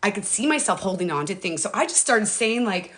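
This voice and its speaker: A middle-aged woman hosting a casual livestream from her phone or webcam. She talks in a chatty, emotional way and keeps calling out to her viewers directly. Her pitch sits in a middle range. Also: very animated, fairly quick, a bit bright. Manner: chatty, emotional, addresses viewers as "you guys". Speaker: livestream host.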